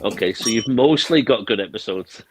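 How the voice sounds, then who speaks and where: Low-voiced man, echoey room. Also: expressive, moderate pace. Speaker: podcast co-host. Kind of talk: casual chat.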